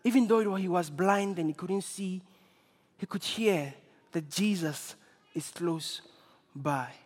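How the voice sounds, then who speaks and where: A man preaching a sermon with impassioned delivery, building to shouts and repeating phrases for effect. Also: sits high, takes it slowly. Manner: impassioned, rising to shouts, dramatic repetition. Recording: long reverb of a large hall.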